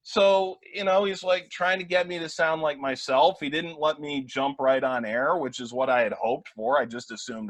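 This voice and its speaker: A man in his twenties, a play-by-play broadcaster, telling animated anecdotes in a casual interview with many fillers and restarts. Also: a little high, normal speed, few pauses, dry recording. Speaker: play-by-play broadcaster, podcast guest. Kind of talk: casual storytelling chat.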